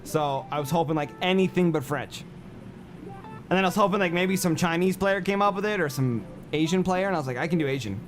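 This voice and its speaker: A man's voice: a little high, brisk. Chatty man streaming a game. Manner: rambling, reacts to chat with fillers and repeats. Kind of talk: casual livestream chat. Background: music.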